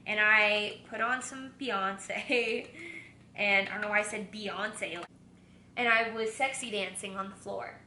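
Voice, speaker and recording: A young woman with a bright, forceful voice talks loosely and giggles between stories as she cooks. She swears without a second thought. The kitchen rings with echo, and a faint room hum sits behind her. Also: medium pitch, fairly even intonation, slow pace. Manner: candid, giggly and profane. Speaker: vlogger. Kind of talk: casual chat. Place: home kitchen.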